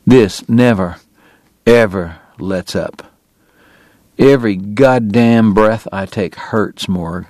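Bitter consumptive dentist, read by a man, low voice, slow precise delivery. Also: darkish tone, dry recording. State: coughing illness, strained breath. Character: bitter consumptive male dentist, sardonic, weary.

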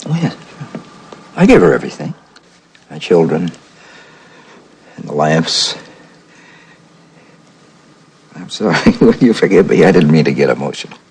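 A man's voice: very deep voice, big pitch swings, moderate pace, long pauses, a little mellow, husky, exaggerated voice. A man playing a weepy sentimental divorced dad. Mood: tearful. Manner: tearful, apologetic, sentimental rambling. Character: fussy emotional divorced father, sentimental. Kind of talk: stage comedy acting.

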